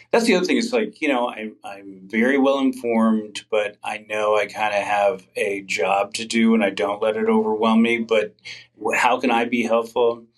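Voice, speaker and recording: A middle-aged man speaks as a comedian guest in a candid interview. His voice sits fairly low, and he tells long stories full of ums, restarts and asides. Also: poor audio. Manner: rambling storytelling with many fillers and restarts.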